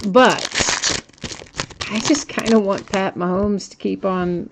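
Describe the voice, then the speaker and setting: Hosting a live card break, a chatty woman reads out every card as she opens packs, laughing at herself as she goes. Her voice is on the low side, and there is background noise in the recording.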